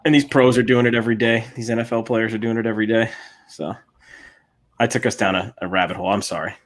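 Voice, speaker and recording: A man's voice: fairly low pitch, quick pace. A man co-hosting a casual podcast chat over a video call, joking and sarcastic, laughing often. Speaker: podcast co-host.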